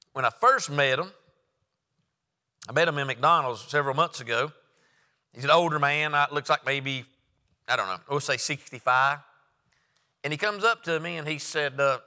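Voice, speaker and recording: Male preacher, fairly high and very bright tone, folksy storyteller, reverberant church hall. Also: moderate pace, pauses often. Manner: folksy storytelling with loud emphatic rises. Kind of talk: sermon.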